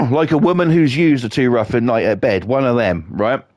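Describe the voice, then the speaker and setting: A man's voice: medium pitch, normal speed, no echo. Sweary British man ranting, dry close sound. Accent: British English. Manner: sweary, sarcastic storytelling. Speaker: livestreamer. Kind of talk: casual ranting chat.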